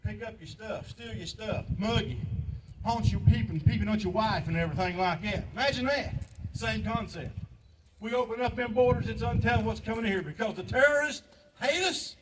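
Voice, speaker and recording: Older male veteran, high voice, preachy and impassioned, distant outdoor recording. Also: noisy background. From United States. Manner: preachy, pleading, repeats lines for emphasis. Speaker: veteran speaker at a memorial ceremony. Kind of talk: impassioned patriotic speech. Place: outdoor memorial park.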